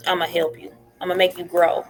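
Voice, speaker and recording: A woman's voice: fairly low pitch, brisk, soft background music. A middle-aged woman, a podcast guest telling her story in casual talk and acting out what others said. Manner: animated, acts out what others said.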